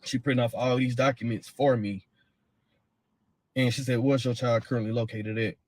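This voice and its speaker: A man's voice: mid-range voice, fairly even intonation, moderate pace, a little mellow, no echo. A man telling his own account in a blunt, heated way, swearing and repeating himself. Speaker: father of a missing woman's child. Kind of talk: casual first-person account.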